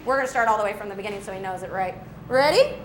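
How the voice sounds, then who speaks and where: A woman's voice: medium pitch, animated, rapid-fire, reverberant, noisy background. A woman wildlife educator giving an upbeat live animal presentation to children, asking them questions and laughing often.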